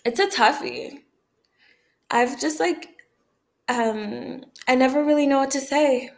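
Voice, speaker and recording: Young woman from the south ranting to camera, swears a lot, kinda high voice, echoey room. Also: slow pace, creaky. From Southern United States. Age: young adult. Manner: profane, animated, rambling. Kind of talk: casual vlog rant.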